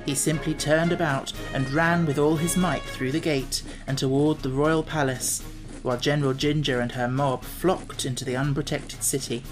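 A man narrating a classic children's fantasy audiobook in a steady, measured storytelling manner. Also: fairly high pitch, over music. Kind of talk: scripted narration.

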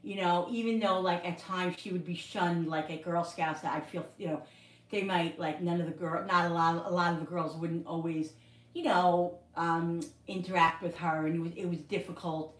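A woman's voice: on the low side, fairly even intonation, normal speed, distant mic. Middle aged lady cooking live in her kitchen, rambly storyteller, echoey room. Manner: rambling, repetitive storytelling with many restarts. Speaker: cooking livestream host. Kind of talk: casual chat while cooking. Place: home kitchen. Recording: echoey room, voice away from the mic.

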